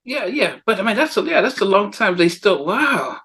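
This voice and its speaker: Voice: mid-range voice, very animated, moderate pace, a bit bright, breathy edge. An interviewer in a casual chat who laughs often and reacts with short exclamations.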